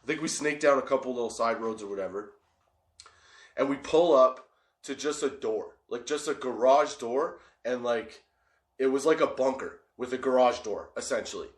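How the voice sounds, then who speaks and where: A man's voice: mid-range voice, moderate pace, roomy sound. A young man hosting a comedy podcast, telling a story with lots of swearing and frequent laughter. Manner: animated, laughs often, swears freely. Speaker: podcast host.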